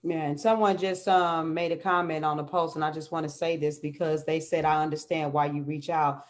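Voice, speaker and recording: A woman's voice: low-pitched, little pitch movement, a little fast. A woman hosting a live podcast, talking in a fervent, preachy way and repeating words when she gets fired up. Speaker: podcast host. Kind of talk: live-streamed podcast talk. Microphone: live stream on a video call.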